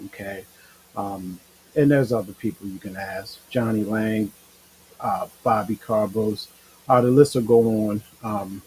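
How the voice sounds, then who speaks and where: A middle-aged man hosting his own livestream show, talking in a rambling, emotional, animated way. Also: on the low side, slightly rough, rough recording. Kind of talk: casual livestream monologue.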